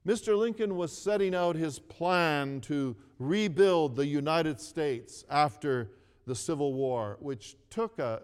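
Slow, earnest male preacher with reverb. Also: on the high side, smooth. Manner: earnest storytelling, repeats phrases, asks the listeners to read along. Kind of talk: sermon.

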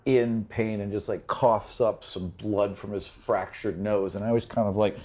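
A low-voiced man narrates as game master, calling rolls and painting violent scenes in a loose, rambling way. He leans on "like" and restarts as he describes the action. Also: fairly even intonation, normal speed, dark tone. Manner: loose, filler-heavy description.

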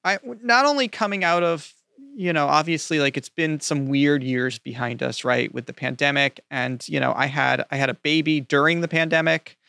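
A man's voice: fairly high pitch, moderate pace, gravelly, bright, forceful tone, clear, resonant tone, no echo, clean studio sound. A man co-hosting a casual chat, easygoing and hesitant, with many fillers. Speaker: co-host.

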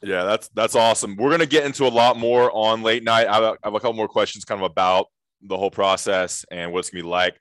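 Male podcast host, clear resonant voice, dry studio sound, relaxed delivery. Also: lowish voice, fast talker, no room sound. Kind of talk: casual interview and ad reads.

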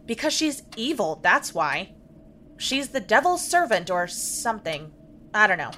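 A woman's voice: medium pitch, big pitch swings, measured pace, bright, forceful tone, a little hiss or hum. A woman playing a blunt, crude, sarcastic young woman in an audio drama.

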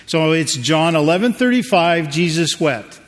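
A man's voice: a little high, lively intonation, measured pace. A man preaching a sermon to a congregation in a conversational, joking way, calling on the audience to repeat after him. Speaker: pastor. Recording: hall reverb.

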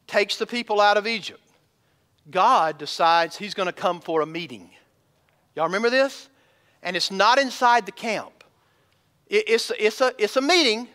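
A man's voice: sits high, sharp tone, big-room sound. A man preaching a sermon as pastor, asking the congregation questions.

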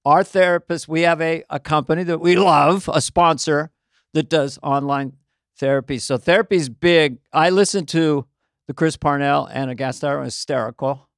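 A man's voice: on the high side, moderate pace, vocal fry, no echo, studio quality. A middle-aged man hosting a podcast, chatting casually in a rambling, self-deprecating, jokey way. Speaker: podcast host. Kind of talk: casual chat.

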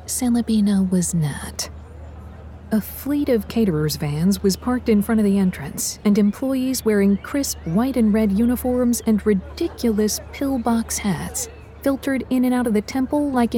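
A woman's voice: fairly high pitch, mellow, a little hiss or hum. A woman reading a first-person story aloud with a wry, dry touch. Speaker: audiobook narrator. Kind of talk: scripted first-person narration.

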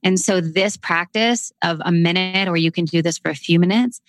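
A fairly low-voiced Canadian woman in her thirties, moving between lively casual chat and calm, unhurried breathwork guidance. She leads the exercise softly, with long pauses between cues. The recording is dry and close. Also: dry recording. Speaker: breathwork guest.

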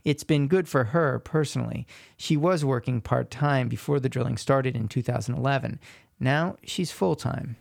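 Gravelly male radio reporter. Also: medium pitch, normal speed, darkish tone, no room sound. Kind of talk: scripted news narration.

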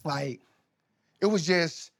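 A man in his thirties, a podcast guest, telling stories in a casual, animated, slangy way, often laughing. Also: on the high side, slow, gravelly. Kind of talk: casual storytelling.

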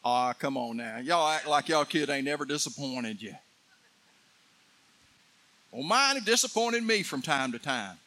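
A middle-aged man preaching a fervent sermon, building to excited peaks. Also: mid-range voice, unhurried, pauses often. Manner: fervent, rising to shouts of excitement. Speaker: pastor.

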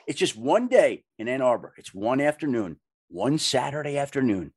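Excitable guy hosting a sports podcast, bouncy upbeat voice, keeps hammering his point. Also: medium pitch, normal speed, breathy edge. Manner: animated, excitable and emphatic. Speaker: podcast host. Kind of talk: casual sports chat.

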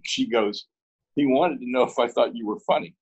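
A man's voice: mid-range voice, normal speed, dull audio, a little hiss or hum. A man from Pittsburgh, a guest in an interview, telling a story in a casual way and acting out both sides of the dialogue.

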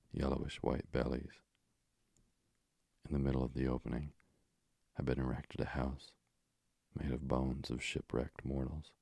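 A man narrating a fairy tale in a slow, measured reading. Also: very deep voice, gravelly, warm tone, husky, no echo, studio quality.

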